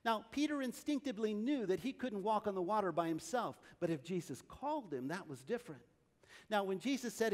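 Animated high-voiced male pastor. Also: brisk. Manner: animated storytelling, acting out the scene. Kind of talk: sermon. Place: large church hall. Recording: long church reverb.

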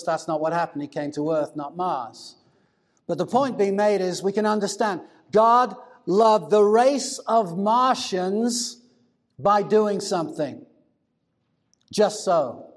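A man preaching a sermon in a higher-than-usual voice. He is deliberate and emphatic, drawing out important words and slowing down for stress. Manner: deliberate, emphatic, stretches key words slowly. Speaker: pastor.

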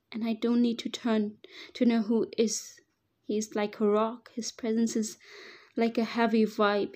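A woman's voice: a little high, warm tone. A woman reading a story aloud in the first person, with an emotional, dramatic delivery. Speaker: story reader. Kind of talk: dramatic reading of fan fiction.

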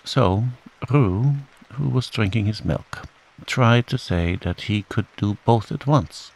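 A man reading a bedtime story aloud in a calm, soothing way and gently voicing the characters. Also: lowish voice, slow pace, gravelly. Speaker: audiobook narrator. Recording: steady rain sound behind the voice. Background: rain.

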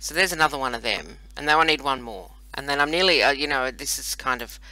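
A woman's voice: extremely low pitch, fast, bright, forceful tone, no echo, poor audio. A woman hosting casual gameplay commentary, rambling and chatty with self-mocking asides, recorded on a computer microphone. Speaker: host playing a browser strategy game.

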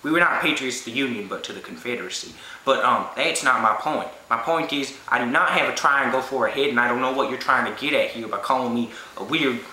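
Sketch comedy: man doing a pompous Southern hick actor, bright, echoey room. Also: medium pitch, quick pace, few pauses. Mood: defensive. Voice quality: drawling, rambling, self-important. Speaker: interviewee. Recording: roomy echo, faint hiss.

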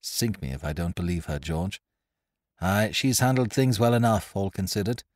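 A man voicing a bold, grinning pirate captain who talks in rough, hearty old sailor speech. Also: sits low, normal speed, no echo, clean studio sound, close to an everyday voice. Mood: musing.

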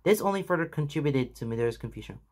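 A man's voice: fairly high pitch, lively intonation, fast, a little mellow. Man reading fan fiction aloud.

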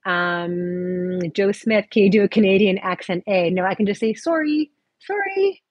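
A woman with a light Texan accent chats casually on a livestream, reading out viewer questions and answering them with a slightly husky, breathy voice. She talks into a phone on a tripod, and the sound is dry and close, with no room echo. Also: lowish voice, level tone, moderate pace, dull audio. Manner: chatty, answers viewer questions aloud, many restarts. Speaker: movie review host.

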